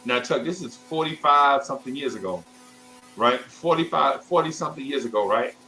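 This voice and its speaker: A man's voice: medium pitch, brisk, soft background music, poor audio. A man in his fifties telling a rambling childhood story in casual talk, jumping into other people's voices as he goes. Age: 50s. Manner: animated, acts out other people's voices in quotes; loose, rambling, restarts and asides. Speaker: show host.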